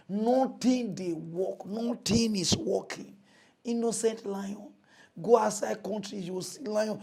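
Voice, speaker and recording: A man's voice: high-pitched, a little slow, creaky, a little mellow. A man with a Nigerian Pidgin accent ranting comically as a mock-news presenter, mocking and exclaiming. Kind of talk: comedy rant in mock news.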